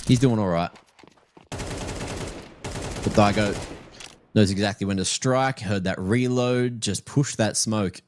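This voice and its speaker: A man's voice: lowish voice, slow pace, long pauses, background noise. A man casting a live video game match, giving chatty, joking play-by-play from a headset mic. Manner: chatty and joking, teases players and viewers. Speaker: esports caster.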